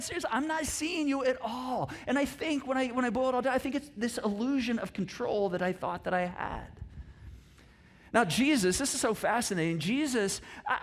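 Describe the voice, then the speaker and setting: High-voiced man preaching casually. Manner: conversational, animated, repeats words, laughs often. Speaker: pastor. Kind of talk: sermon. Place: church auditorium.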